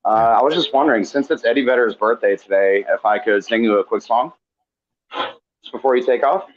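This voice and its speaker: A young man, a radio co-host out on a street prank, talking in a slow, laid-back way and singing back lines he is fed, heard through a phone in his pocket. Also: mid-range voice, muffled recording. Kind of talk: casual chat and off-key singing over the phone. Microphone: phone in pants pocket.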